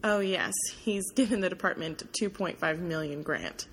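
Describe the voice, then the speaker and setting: Bossy young woman reporter read by a female narrator, forceful and emphatic, lowish voice. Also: a little hiss or hum, close to an everyday voice. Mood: insistent. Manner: emphatic, pushy and quick.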